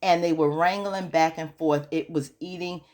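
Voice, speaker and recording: A woman recapping a TV drama episode in casual, animated talk, acting out the characters' lines as she retells the scenes. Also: sits low, moderate pace. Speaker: TV show recap host.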